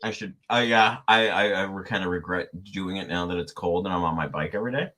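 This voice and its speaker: A young man hosting a casual chat, animated and stammering, quick to laugh. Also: sits low. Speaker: podcast host.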